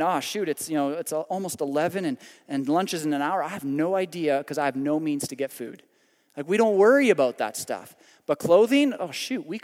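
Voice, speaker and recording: A man with a high-pitched voice preaches a sermon, talking casually and tossing in asides and rhetorical questions. His voice rings out with a long reverb, as in a large hall. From Canada. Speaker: pastor.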